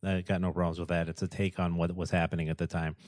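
A man co-hosting a casual movie review chat, conversational and quick to laugh. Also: low-pitched, little pitch movement, darkish tone, no room sound, studio quality. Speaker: podcast co-host.

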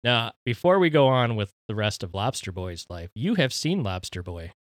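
A man's voice: on the low side, sing-song, moderate pace, dry recording. A man from Minnesota co-hosting a podcast, chatting in an easygoing, dry way. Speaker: podcast co-host. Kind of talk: casual chat.

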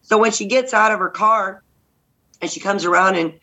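A middle-aged Texas woman, a state senate candidate appearing as a guest on a podcast, tells lively stories and acts out the voices in her anecdotes. She speaks at medium pitch and a moderate pace, though the audio is poor.

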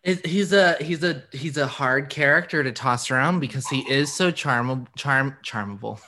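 A man hosting a podcast, chatting in a relaxed, rambling way and laughing often. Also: medium pitch, normal speed. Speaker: podcast host. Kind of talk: casual chat.

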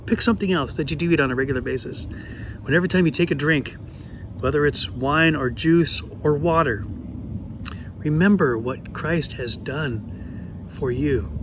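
A man's voice: mid-range voice, a bit bright, a little hiss or hum, poor audio. A man hosting a devotional talk, telling a story in an earnest sermon style and repeating words for emphasis. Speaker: podcast host giving a devotional message.

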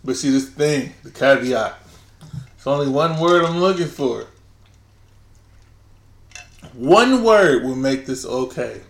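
A young man rambles through a casual podcast chat, packing his talk with fillers and jokes. His voice sits at a middle pitch. The room adds echo, with faint background noise beneath him. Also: expressive, takes it slowly, pauses often. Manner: rambling, many fillers, joking. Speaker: podcast co-host. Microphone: studio mic at a table.

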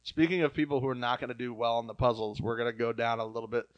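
Male co-host, gossipy casual chatter, mid-pitched, dry close sound. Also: fairly even intonation, very fast, no echo, muffled recording. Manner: chatty, gossipy, acts out quotes of others. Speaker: podcast co-host. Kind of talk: casual chat about reality TV.

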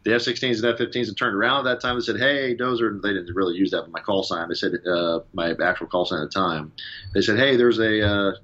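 A former fighter pilot telling a casual story in an interview, fast and animated, acting out radio calls as he goes. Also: lowish voice, highs cut off.

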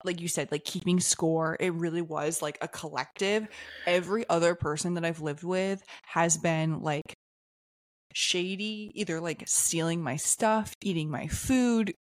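A young woman co-hosts a casual podcast with a fairly low voice. She chats loosely, agreeing and trailing off mid-thought. The sound is dry and close. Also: steady tone, unhurried, no echo. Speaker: podcast co-host. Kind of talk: casual chat.

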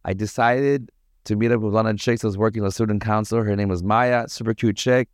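A man from Toronto, a podcast guest telling stories in a casual, animated, slangy way. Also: fairly low pitch, fast talker, no room sound, clean studio sound. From Toronto, Canada. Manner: animated, slangy, acts out voices in his anecdotes. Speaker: podcast guest, party promoter. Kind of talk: casual storytelling.

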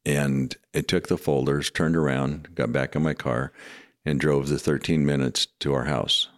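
A middle-aged man from Washington state, a pastor, telling his life story in a podcast interview in a reflective, steady way with frequent pauses. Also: extremely low pitch. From Washington state, USA. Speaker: executive pastor, guest.

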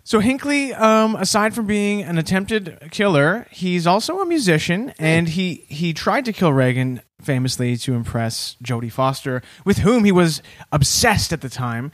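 A man's voice: high-pitched, moderate pace, few pauses, no echo. A man co-hosting a casual comedy podcast, recapping a story with frequent laughs, recorded in an office warehouse room. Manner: animated, laughs often. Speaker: podcast co-host.

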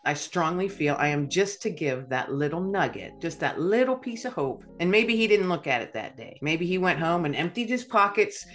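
A woman guest on a podcast, telling a personal story in a lively way, acting out dialogue and laughing often. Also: fairly low pitch, moderate pace, few pauses.

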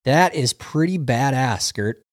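A man's voice: mid-range voice, expressive, unhurried, no echo, studio quality. A man hosting a casual livestream, reading viewer comments aloud and chatting about them. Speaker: livestream host reading chat. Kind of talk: casual chat.

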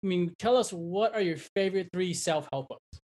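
A man's voice: high-pitched, normal speed, a little mellow. A man interviewing a coach over a video call, asking short questions and giving brief affirmations.

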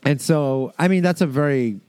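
A man's voice: a little high, normal speed, a little mellow, clear, resonant tone, dry recording. A man co-hosting a casual chat, rambling with lots of fillers and laughs, reading excerpts aloud. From American South. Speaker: podcast co-host.

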